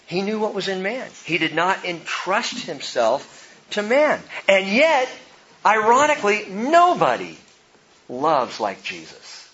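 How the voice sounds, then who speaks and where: Man, pastor, sermon, fairly high voice, faint background hiss. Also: big pitch swings, measured pace, muffled recording. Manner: dramatic, swings from hushed to emphatic.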